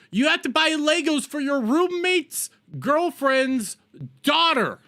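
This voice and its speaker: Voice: high-pitched, fairly bright tone. A streamer giving casual reaction commentary in crude, profane, mocking rants.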